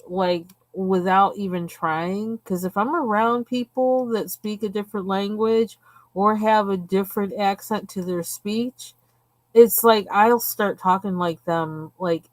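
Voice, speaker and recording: A woman's voice: mid-range voice, slow pace, dry recording. A woman hosting a live stream, chatting casually and rambling from one tangent to the next while she colors. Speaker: livestream host.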